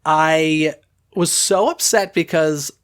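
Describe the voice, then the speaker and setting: Animated man hosting a podcast. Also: on the high side, slow, clear, resonant tone. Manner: animated, exasperated storytelling. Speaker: podcast host. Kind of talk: casual chat.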